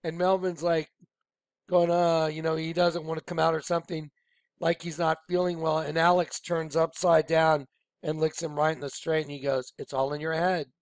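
Male presenter, rambling emphatic commentary, gravelly, dry close sound. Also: fairly high pitch, level tone, moderate pace, dry recording. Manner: emphatic, rambling, repeats himself. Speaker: online video presenter. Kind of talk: casual commentary over on-screen images.

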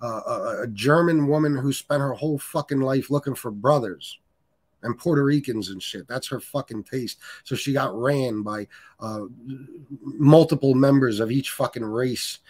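A middle-aged man hosts a casual live stream and reads viewer comments aloud. He rants in a blunt, foul-mouthed way, trading crude insults. His voice sits at an ordinary male pitch. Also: darkish tone. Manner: blunt, crude, heated trash-talk. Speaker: livestream host reading chat.

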